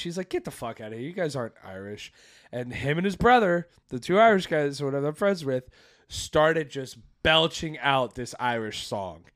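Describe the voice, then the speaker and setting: A man's voice: a little high, fairly bright tone, no echo, studio quality. A man co-hosting a podcast, telling stories in rambling, profane chat with many restarts and laughs. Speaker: podcast co-host. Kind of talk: casual podcast banter.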